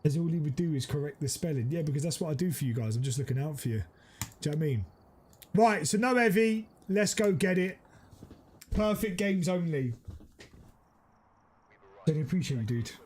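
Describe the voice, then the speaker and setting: A man streaming a game, chatting casually and teasing his viewers, quick to exclaim. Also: a little high, slight background noise. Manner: excitable, teasing, exclaims often. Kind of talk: casual live-stream chat.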